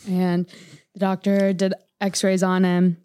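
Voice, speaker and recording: A woman's voice: fairly low pitch, completely flat delivery, slow, dark tone, smooth, no room sound, clean studio sound. A woman telling a joke in casual chat, restarting and checking whether the others know it. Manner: hesitant storytelling, restarting lines.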